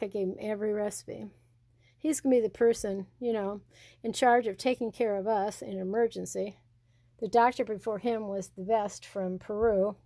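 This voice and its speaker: A woman's voice: medium pitch, warm tone, no room sound. An older woman and blogger chatting in a rambling, storytelling way while showing her home. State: hard of hearing. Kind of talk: casual home tour vlog.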